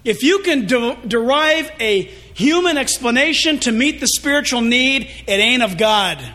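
A male pastor preaching a sermon in an animated, joking and confessional way. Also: extremely high pitch, measured pace.

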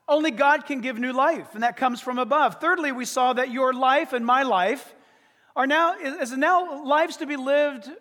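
A man with a strikingly high voice preaches a sermon, driving each point home with emphasis. He poses rhetorical questions and works through numbered arguments. His voice rings with the long reverb of a large hall. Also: fairly bright tone. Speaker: pastor.

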